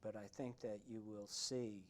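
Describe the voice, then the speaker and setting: A man giving a university history lecture, speaking deliberately with many pauses and fillers and leaning on key words. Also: lowish voice, flat delivery, a little hiss or hum. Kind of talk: classroom lecture.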